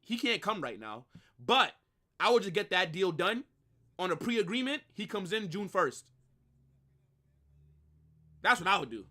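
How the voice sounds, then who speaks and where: A young man hosts a live football watch-along, ranting with exasperation and breaking into shouted bursts. His pitch leaps and plunges all over the place. The tone is bright and forceful. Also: sing-song, measured pace, pauses often. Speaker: fan stream host.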